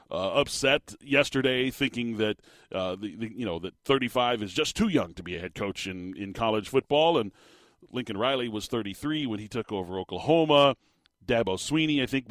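A man's voice: medium pitch, fairly bright tone, no room sound. A man hosting a sports talk radio show, giving his opinions in a casual, conversational way with frequent fillers. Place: radio studio. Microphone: studio microphone.

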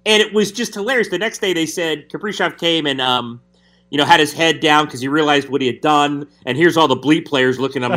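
A man, a hockey reporter, telling an animated story in casual chat. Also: fairly high pitch, fairly quick.

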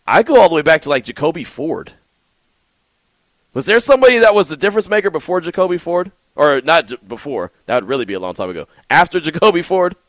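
Sports radio host, male, slightly high voice, chatty and laughing, dry studio sound. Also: very animated, quick pace, fairly bright tone, no echo. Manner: chatty, laughs often, restarts sentences. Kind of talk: call-in sports talk radio.

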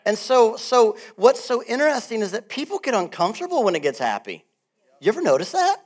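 A middle-aged man preaching a sermon as pastor, animated and laughing often, swinging between loud bursts and soft asides. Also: very high-pitched, brisk.

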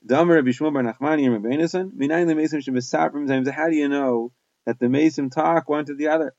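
A man's voice: a little high, fast talker, a little mellow, no room sound. A man teaching a Talmud lesson, reading Aramaic phrases and explaining them in plain English with small hesitations. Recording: dull, dry close recording.

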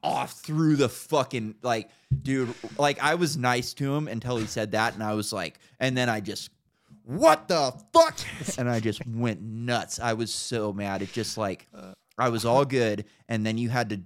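A man's voice: medium pitch, steady tone, moderate pace. A man co-hosting a podcast, telling stories in a profane, ranting way in casual chat. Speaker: podcast co-host.

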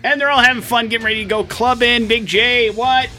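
A male radio morning show host telling stories in lively, casual banter in a studio. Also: extremely high pitch, brisk, faint music behind. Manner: lively, chatty, animated storytelling with fillers.

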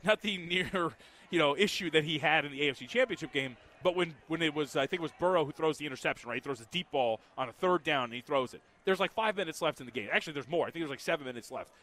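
A man on a sports talk show telling animated stories, acting out what others said. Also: fairly high pitch. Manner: rapid, animated storytelling with quoted impressions.

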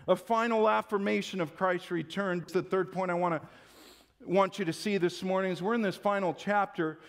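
A man's voice: high voice, fairly even intonation, moderate pace. A male pastor preaching a Sunday-morning sermon in an emphatic, conversational way.

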